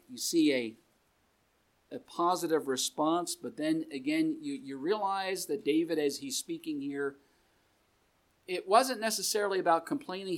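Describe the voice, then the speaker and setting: A man preaching a sermon in a conversational way, reading scripture aloud and adding joking asides, in a meeting room. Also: fairly high pitch.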